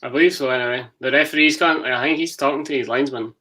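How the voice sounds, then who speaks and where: Bright, teasing man. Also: mid-range voice, steady tone, very fast, far from the mic, low-quality recording. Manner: teasing banter. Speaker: guest. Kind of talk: live stream chat.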